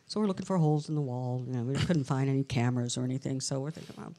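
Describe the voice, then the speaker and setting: A woman guest on a live podcast, telling stories in a chatty, animated way and acting out the voices she quotes. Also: very deep voice, rapid-fire. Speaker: interview guest, researcher. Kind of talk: casual storytelling interview. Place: live event in a castle venue.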